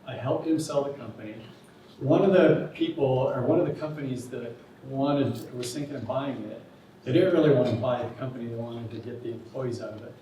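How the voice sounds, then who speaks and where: A man delivers a relaxed, anecdotal lecture full of ums and restarts. He is heard from a distant mic in a large, very echoey hall, with a faint hiss underneath. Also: mid-range voice, a little fast. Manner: relaxed, anecdotal, with many fillers. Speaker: guest lecturer. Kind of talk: storytelling lecture.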